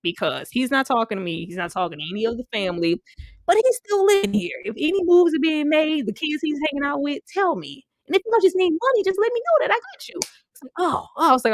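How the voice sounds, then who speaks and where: A woman chats through her review of a TV series, teasing and giggling often between remarks. Her fairly high voice swoops with animated, lively intonation. She is recorded close up in a dry, dead room. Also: fast talker, dry recording. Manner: playful, teasing, keeps apologizing. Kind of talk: casual review chat.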